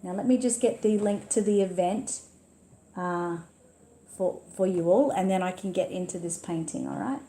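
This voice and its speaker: A woman's voice: lowish voice, normal speed, dark tone, reverberant. An Australian woman hosting a casual livestream, chatting and reading viewer comments aloud at her computer. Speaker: livestream host.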